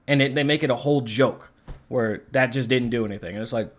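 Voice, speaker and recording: A man talks through a film review in a loose, rambling way, full of fillers and curses. He sounds openly exasperated, and his voice sits at an ordinary middle pitch. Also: fast talker. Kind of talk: casual movie review rant.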